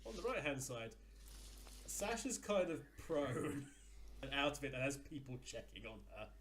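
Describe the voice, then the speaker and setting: A man's voice: mid-range voice, very animated, moderate pace, fairly bright tone. A man co-hosting a casual podcast, recapping a wrestling event step by step with frequent fillers. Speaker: podcast co-host.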